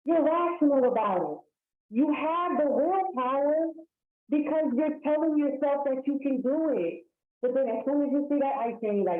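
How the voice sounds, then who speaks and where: A woman with a fairly high voice explains hypnosis in casual, slangy talk and breaks into small acted-out scenes. The audio is echoey and thin, like a phone line. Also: normal speed. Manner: lively, slangy, acts out little scenes. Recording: echoey, tinny phone-like sound.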